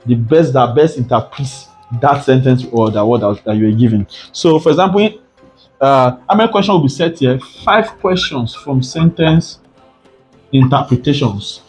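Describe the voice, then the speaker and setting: Male tutor, mid pitch, repetitive and quizzing, faint music bed. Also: lively intonation, moderate pace, darkish tone. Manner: repetitive, rhetorical "what?" questions. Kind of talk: exam prep lesson.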